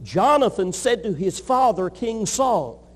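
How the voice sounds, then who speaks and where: Male pastor, high voice, emphatic repetitive preaching, long hall reverb. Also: big pitch swings, a little slow. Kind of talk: sermon.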